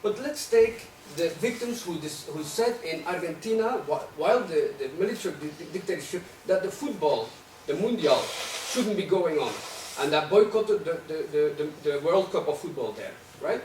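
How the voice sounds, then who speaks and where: A man's voice: fairly high pitch, animated, moderate pace, hardly any pauses, a little mellow. A man in the audience posing provocative questions in an academic discussion, often tagging his points with "right?". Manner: provocative, rhetorical, tags statements with "right?". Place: lecture hall. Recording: echoey room, distant mic, faint noise.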